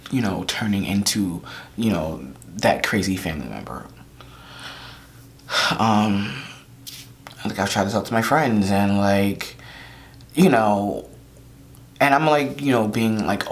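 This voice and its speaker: A man talking in a confessional vlog, holding back tears, halting and trailing off into near-whispers. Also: lowish voice. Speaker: vlogger. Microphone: camera mic.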